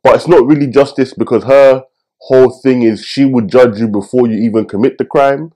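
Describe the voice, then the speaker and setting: A young man hosting a film review, talking in a casual, animated rant with swearing and jokey asides. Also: mid-range voice, a little fast.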